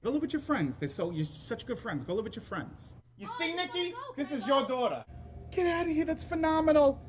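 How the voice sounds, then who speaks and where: A man playing a loud, bossy middle-aged Italian mother in a comedy sketch, nagging and yelling across the house. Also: extremely high pitch, sing-song, a little fast, slight background noise.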